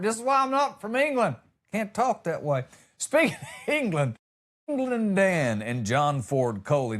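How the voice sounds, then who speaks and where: An American man hosting a comedy podcast, telling stories in a loose, rambling way with jokey asides. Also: mid-range voice. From United States.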